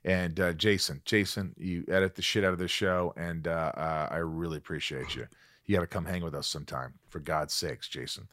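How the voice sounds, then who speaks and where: A man hosting a podcast, signing off casually, reading out names in a relaxed, joking way. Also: low voice, fairly quick, dry recording, studio quality. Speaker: podcast host.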